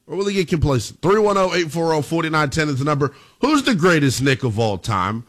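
Animated male sports radio host. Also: a little high, fairly quick, few pauses. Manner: chummy, calls callers brother and pal.

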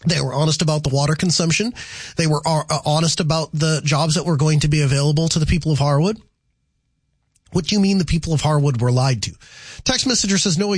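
A man's voice: a little high, no room sound. A man hosting a call-in radio show, thinking aloud and restarting his sentences as he works through answers. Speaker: radio talk show host.

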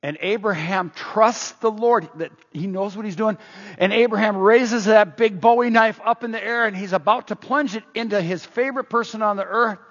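A man preaching a sermon as pastor, animated, quoting scripture aloud. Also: sits high, moderate pace. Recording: roomy hall, dull lo-fi sound.

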